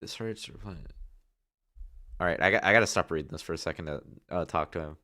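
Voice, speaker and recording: A man casually hosting a gameplay livestream and talking straight to his viewers. His voice sits low, and he rambles loosely with lots of fillers. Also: fairly even intonation, racing, pushed and bright. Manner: loose, chatty, full of fillers. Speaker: livestream host.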